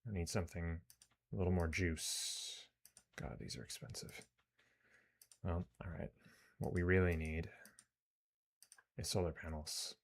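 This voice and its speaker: Deep-voiced guy doing a let's play, reads out the story text, chats along casually. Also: unhurried, creaky, pauses often. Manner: relaxed, chatty asides to viewers. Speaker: gameplay narrator. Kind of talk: let's play narration reading game text.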